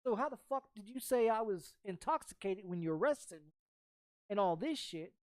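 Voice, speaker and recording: A woman's voice: medium pitch, lively intonation, moderate pace, darkish tone, dry recording, clean studio sound. A woman game streamer telling a story as a heated, profane rant, swearing constantly and sounding confrontational, on a desk mic.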